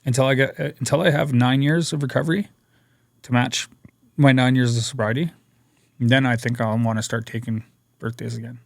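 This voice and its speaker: A man telling his recovery story as a podcast guest, earnest and energetic, acting out what people said. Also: medium pitch, fairly quick, gravelly, no echo, clean studio sound. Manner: energetic, earnest storyteller who acts out quotes. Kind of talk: personal storytelling interview.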